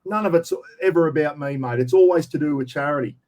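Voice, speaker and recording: A man's voice: on the high side, fast talker, darkish tone. An Australian man chatting casually as an interview guest, telling long rambling stories and saying "mate" all the time. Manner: rambling storyteller, says "mate" constantly.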